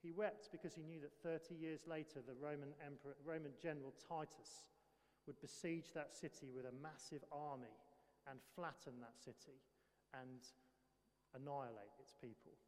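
Guy preaching a sermon, kinda high voice, lots of questions at the crowd, big echoey church hall. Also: steady tone, normal speed, darkish tone. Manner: earnest, asks the listeners many rhetorical questions. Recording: long hall reverb.

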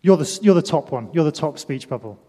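A man's voice: on the high side, expressive, fairly quick, dark tone, breathy edge. A man preaching a sermon with a children's demonstration in a church hall. He talks playfully, pokes fun at himself and calls up volunteers.

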